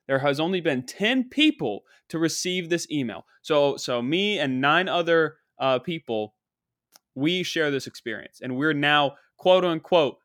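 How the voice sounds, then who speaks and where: Young male host, excitable and joking, sharp bright tone. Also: on the high side, dry recording, studio quality. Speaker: show host. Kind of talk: comedic monologue.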